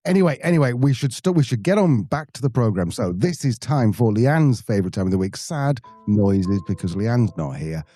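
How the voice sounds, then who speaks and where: A man's voice: medium pitch, very animated, moderate pace, few pauses, mellow, no room sound, clean studio sound, soft background music. A man with an English accent hosting a podcast, joking and teasing his co-host. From England. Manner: jokey, teasing. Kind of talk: casual chat.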